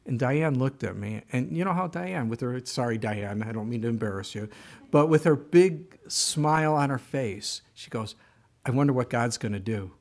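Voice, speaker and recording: Male pastor, mid-pitched, preaching casually with storytelling asides and strained, high-pitched outbursts. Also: moderate pace, gravelly. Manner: conversational storytelling, animated asides. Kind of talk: sermon.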